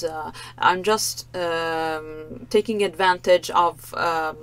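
A woman's voice: deep voice, steady tone, slow pace, few pauses, background noise. A woman vocal coach talking through a performance in a thoughtful way, with many fillers, sometimes singing short vocal sounds to show a technique. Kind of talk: reaction video analysis.

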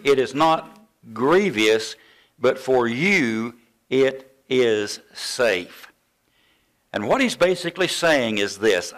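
An older man preaching a sermon, telling a story from his student days and acting out the voices of the people in it. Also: medium pitch. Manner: animated storytelling, acts out quoted voices. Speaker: pastor.

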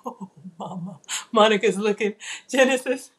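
A woman's voice: mid-range voice, moderate pace. Chatty woman hosting a live cooking class. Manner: chatty, excitable, talks straight to viewers as y'all.

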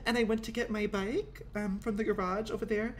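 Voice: mid-range voice, little pitch movement, a little fast, slight background noise, close to an everyday voice. A performer playing a genteel 58-year-old Russian-born woman in a game role-play, calling people darling and sweetheart. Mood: prim.

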